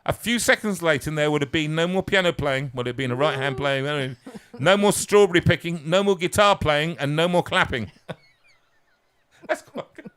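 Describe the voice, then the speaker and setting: A man's voice: fairly high pitch, normal speed, a bit bright, clean tone. A man reading his own story aloud live, with wry, self-mocking asides. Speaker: singer and storyteller.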